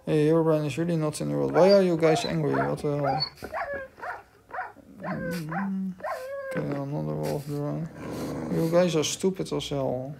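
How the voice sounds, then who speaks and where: A man's voice: on the high side, very animated, a little slow, vocal fry. A man giving casual gameplay commentary, talking to the dogs in the game, puzzled and mocking himself. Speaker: gaming commentator. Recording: loud background noise.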